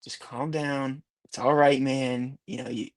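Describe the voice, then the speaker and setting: A man imitating a laid-back male racing friend who gives calm, soothing advice. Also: medium pitch, measured pace, pitched below the performer's own voice, close to an everyday voice. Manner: soothing, easygoing.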